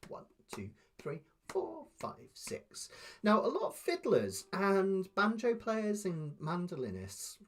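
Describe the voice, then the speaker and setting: Guy teaching ukulele live, husky voice, goes up and down a lot, counts beats real soft. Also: a little high. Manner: patient, explains step by step, softly counts beats aloud. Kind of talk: live online music lesson.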